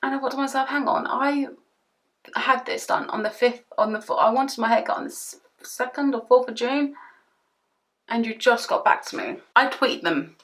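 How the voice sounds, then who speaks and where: Young British woman, beauty vlogger, bright tone, chatty and rambling. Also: fairly high pitch, normal speed. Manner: chatty, rambling, exasperated retelling. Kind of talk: casual storytime while doing makeup.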